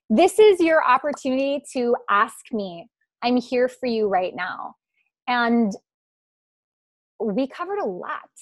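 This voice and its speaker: Slow, warm-toned woman hosting a webinar. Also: a little high, no echo. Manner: warm, encouraging, affectionate with the audience. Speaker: host of a live online masterclass. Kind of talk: live webinar Q&A. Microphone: video call.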